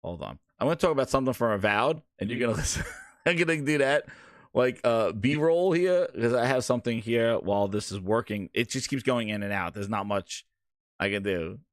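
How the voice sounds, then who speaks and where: A man's voice: medium pitch, lively intonation, fairly quick, dry recording, clean studio sound. A man hosting a gaming live stream, flustered and rambling with laughs as his audio keeps failing, talking into a home streaming microphone. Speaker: show host. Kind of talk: live-stream casual chat.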